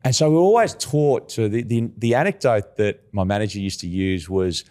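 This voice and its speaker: A middle-aged Australian man, a recruitment agency founder, telling animated stories as a podcast guest, slowing down to stress key points. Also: on the low side. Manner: animated storyteller, emphatic, slows down for key points. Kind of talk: podcast interview.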